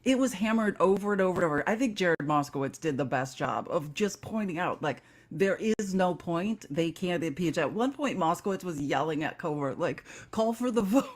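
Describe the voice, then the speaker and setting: A woman co-hosting a casual political commentary show, animated and quick with asides. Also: on the low side. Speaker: co-host.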